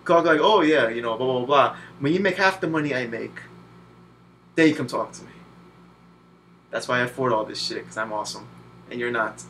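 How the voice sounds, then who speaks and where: Young man in his twenties, high voice, bright tone, swears constantly, ranting game review. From Puerto Rican. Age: 20s. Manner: heavy cursing, animated, mimics voices. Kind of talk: profane video game review rant.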